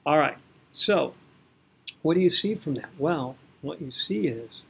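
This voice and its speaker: A man records a math lesson, talking through each step of the working and correcting his own slips along the way. His fairly high voice is gravelly and husky, with lively intonation and a measured pace.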